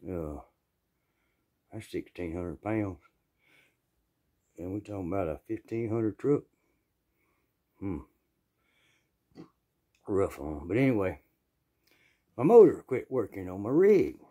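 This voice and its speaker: Southern man, low-ish relaxed tone, folksy storyteller, clears his throat a lot. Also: slow, pauses often. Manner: folksy, rambling, plainspoken. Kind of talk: casual storytelling.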